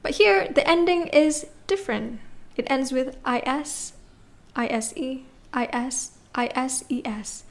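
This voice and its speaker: Patient woman teaching French, slightly high voice. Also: measured pace. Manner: patient, spells words letter by letter, checks with "okay?" and "right?". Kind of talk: classroom lesson explaining grammar.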